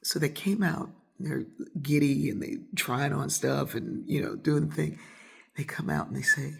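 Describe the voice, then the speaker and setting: A woman telling a casual personal story, acting out her friends' voices with whispers and sudden high squeals. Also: steady tone, unhurried, creaky, fairly bright tone, breathy edge. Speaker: storyteller host.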